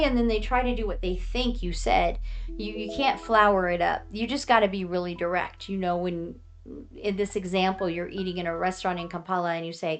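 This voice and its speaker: A woman's voice: medium pitch, fairly even intonation, brisk. American woman, vlog host, earnest and talkative, music bed under her voice. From United States. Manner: chatty and earnest, often acting out other people's replies. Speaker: vlogger giving advice to foreigners. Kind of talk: casual advice talk.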